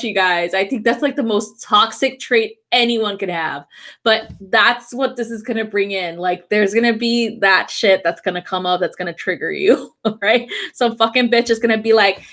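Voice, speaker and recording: A woman's voice: mid-range voice, normal speed. A woman reading weekly astrology transits, talking bluntly to her viewers with lots of swearing and frequent laughter. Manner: animated, talks directly to viewers. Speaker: astrology and tarot reader. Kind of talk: casual weekly astrology forecast.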